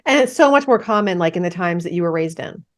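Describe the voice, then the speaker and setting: A woman hosting a podcast interview, answering with affirming remarks and asking gentle questions. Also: fairly low pitch, lively intonation, fast talker. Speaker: podcast host. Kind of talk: conversational interview.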